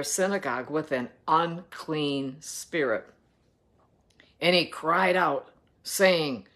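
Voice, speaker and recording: A woman's voice: low voice, slow pace, fairly bright tone. A woman reading the Bible aloud and adding earnest devotional commentary that urges listeners to act. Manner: earnest, exhorting. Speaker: Bible reader and devotional teacher.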